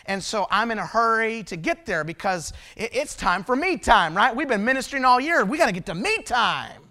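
A man's voice: high-pitched, big pitch swings, brisk, pushed and bright. A male traveling preacher giving a sermon, telling personal stories in a conversational way and asking the audience rhetorical questions.

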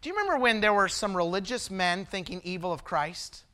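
A man preaching a sermon, moving between loud emphatic passages and low, hushed asides. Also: big pitch swings, a little fast.

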